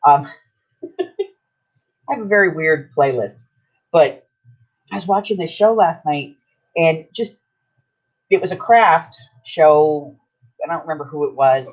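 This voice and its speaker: A woman's voice: low-pitched, slow pace, pauses often. An older woman hosting a craft livestream, chatting in a rambling, self-mocking way while she works. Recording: dull lo-fi stream audio.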